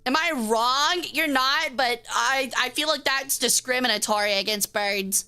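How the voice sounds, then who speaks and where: High, bright-voiced woman streamer. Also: unhurried, clean tone. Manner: playful, profane banter, teasing chat. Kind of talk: casual live-stream chat with viewers.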